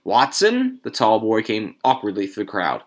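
A man reading a story aloud to a few listeners, expressive, with casual asides. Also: on the low side, normal speed.

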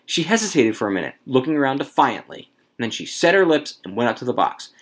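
A man reading a story aloud to a few listeners, expressive, with casual asides. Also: mid-range voice, quick pace.

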